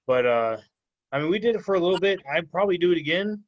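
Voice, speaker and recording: A man's voice: high voice, expressive, fast talker. Rambling man on dull audio. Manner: rambling, with many fillers. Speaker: podcast guest. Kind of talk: casual podcast chat.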